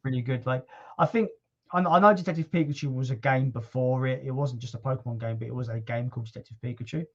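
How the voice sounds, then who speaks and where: A man hosting a casual livestream chat, relaxed and chatty, with casual swearing. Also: medium pitch, fast, muffled recording. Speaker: livestream host.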